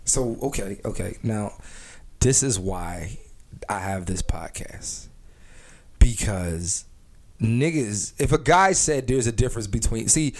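A man hosting a comedy podcast, talking in a rambling, profane, animated way with lots of restarts. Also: medium pitch. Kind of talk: casual comedic podcast chat.

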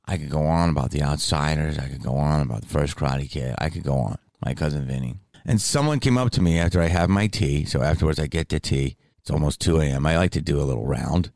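Middle-aged guy hosting a podcast, super low gravelly voice, just rambling through stories. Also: fast talker, hardly any pauses, dry recording, studio quality. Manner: rambling, animated, lots of fillers. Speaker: podcast host. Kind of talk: casual storytelling chat.

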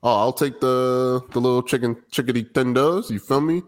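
A man's voice: medium pitch, normal speed. A man producing a podcast, joining the chat in a playful, slangy way. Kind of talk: casual chat.

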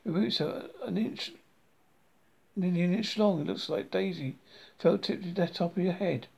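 A man's voice: sits high, normal speed, creaky, warm tone, slightly rough, highs cut off, exaggerated voice. A man voicing a chirpy, vain young woman hairdresser with a breezy manner.

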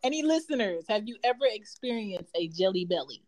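A woman's voice: medium pitch, very animated, brisk, a little mellow, no room sound. A woman co-hosting a late-night podcast, talking in a brash, profane and teasing way. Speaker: podcast co-host. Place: home desk.

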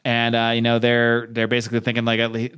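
A man's voice: mid-range voice, completely flat delivery, fast talker, a bit bright, clear, resonant tone. A man casually recapping a comic book on a podcast, rambling with fillers and swearing now and then. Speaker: podcast host.

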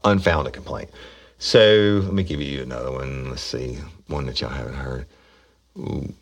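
A man's voice: a bass voice, a little slow. A middle-aged man, a former police officer, telling rambling, profane stories in casual talk. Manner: rambling, profane, with frequent restarts. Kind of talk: casual storytelling.

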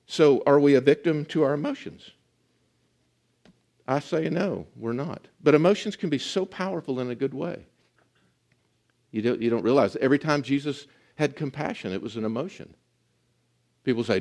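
A man preaching a sermon in an earnest, emphatic teaching manner. He slows down to stress words and drops to a soft voice at times. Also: fairly high pitch. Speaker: pastor.

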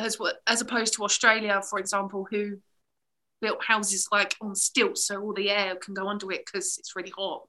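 Bright chatty woman from southern England. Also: mid-range voice. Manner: chatty, rambling, laughs often. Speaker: guest musician. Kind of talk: casual chat.

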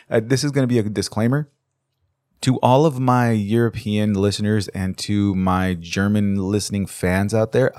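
Podcast host, man, lowish voice, rambling and profane, dry close mic. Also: a little mellow, no room sound. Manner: rambling, profane, stammers and restarts. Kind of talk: casual true-crime podcast chat.

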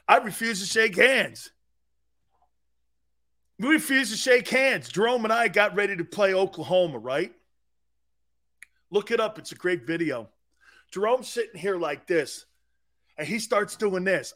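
An older man hosting sports talk radio, telling brash, profane stories with shouted quotes. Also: high voice, lively intonation, measured pace, pauses often. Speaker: radio show host.

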